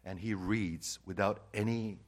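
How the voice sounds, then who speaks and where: A male pastor delivers a sermon in a fairly low voice. He drives points home by repeating them, rising to loud emphatic declarations and then dropping to soft, quiet asides. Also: steady tone, measured pace.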